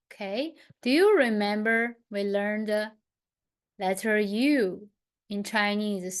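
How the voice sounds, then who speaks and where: Very slow, patient woman teaching. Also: mid-range voice. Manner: slow, patient pronunciation drills with repetition. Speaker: language teacher. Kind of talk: online lesson.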